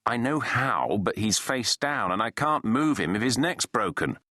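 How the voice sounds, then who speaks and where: A man's voice: medium pitch, sing-song, a little slow, sharp tone, no echo, clean studio sound, pitched above the performer's own voice, heavily acted. A man voicing a shaken man finding an injured rider, speaking in an urgent, strained way.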